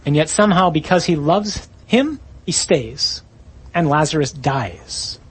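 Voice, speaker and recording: A man preaching a sermon, reading scripture with emphatic rises on quoted lines and low, quiet drops at key points. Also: expressive, unhurried, husky.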